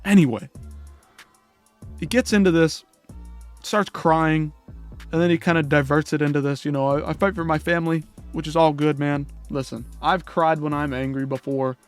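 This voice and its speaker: A man's voice: on the high side, steady tone, normal speed, long pauses, soft background music. Heated profane young man ranting. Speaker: commentary channel host. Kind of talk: ranting commentary.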